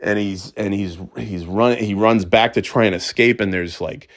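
A middle-aged man talking casually as a podcast host, excitable and stumbling over restarts, swearing freely. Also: lowish voice, normal speed. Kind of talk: casual monologue.

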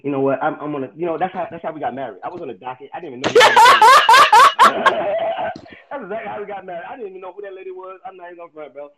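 A man telling crude stories in casual banter, loud and often laughing. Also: high voice, rapid-fire, muffled recording. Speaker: participant in an online talk room. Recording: loud background noise.

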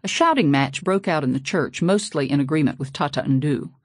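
Low-voiced woman narrating an audiobook. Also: animated, fairly quick, dry recording, clean studio sound.

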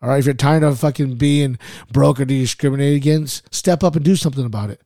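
Podcast host, male, gravelly edge, loose rambling talk, dry close mic. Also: medium pitch, fast, mellow, no echo. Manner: loose, rambling, swearing, says "like" a lot. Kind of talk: casual podcast chat.

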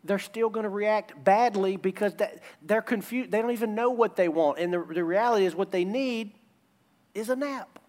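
High-pitched man preaching a sermon. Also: moderate pace, a little mellow. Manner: emphatic preaching with repetition and call-and-response. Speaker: pastor.

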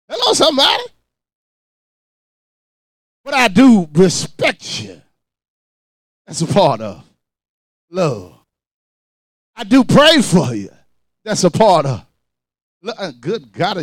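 A male pastor preaching a sermon, calling out to the congregation and swinging between shouted lines and quiet asides. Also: high-pitched, no echo, clean studio sound.

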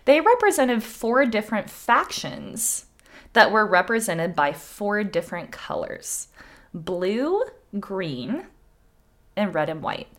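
A woman's voice: mid-range voice, sing-song, takes it slowly, a bit bright. A young woman co-hosting a podcast, telling a history story in casual, chatty talk and swearing freely. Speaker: podcast co-host.

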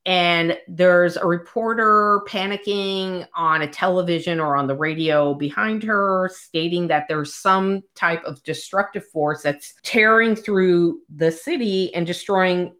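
A woman's voice: fairly low pitch, measured pace, few pauses, fairly bright tone. A woman hosting a podcast, animatedly retelling a book's plot in casual chat and swearing freely. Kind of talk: casual book recap.

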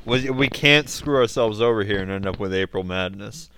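A man's voice: fairly low pitch, moderate pace, fairly bright tone, a little hiss or hum, low-quality recording. A man co-hosting a podcast, trading dry, joking banter about sports. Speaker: podcast co-host. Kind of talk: casual sports chat.

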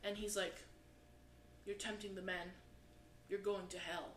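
A woman co-hosting a comedy podcast, telling stories in an animated, profane way and acting out the voices of people in them. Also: mid-range voice, a little slow. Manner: animated, swears constantly, acts out voices. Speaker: podcast co-host. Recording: roomy echo with faint background hiss.

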